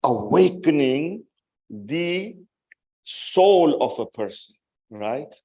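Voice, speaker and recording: A man delivers a sermon at an unhurried, deliberate pace, leaning on each phrase. His voice sits a bit higher than most men's. He pushes certain words out with force and keeps asking his listeners "right?". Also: expressive. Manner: slow, emphatic, rising to forceful peaks. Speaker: majlis speaker. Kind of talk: religious sermon.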